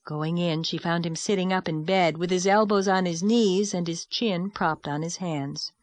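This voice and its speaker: A woman calmly narrating a classic story as an audiobook reader. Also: on the low side, moderate pace, no echo. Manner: calm, steady storytelling. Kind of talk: scripted narration.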